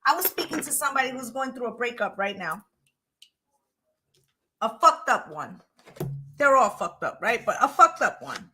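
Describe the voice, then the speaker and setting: Woman tarot reader, higher voice, emphatic, profane, keeps asking "right?". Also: expressive, moderate pace, pauses often, sharp tone, a little hiss or hum, poor audio. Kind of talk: casual spoken tarot reading.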